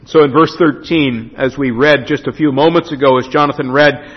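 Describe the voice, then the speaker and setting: Man, pastor, emphatic sermon, dramatic pauses, long reverb, muffled recording. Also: mid-range voice, steady tone, husky. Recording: dull lo-fi sound with long hall reverb.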